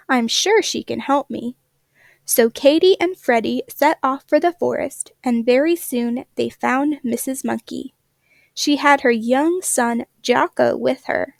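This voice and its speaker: A woman reads a children's picture book aloud, gentle and expressive. Her voice is high with a gravelly edge, recorded close and dry. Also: dry recording. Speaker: storybook reader. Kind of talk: children's story read-aloud.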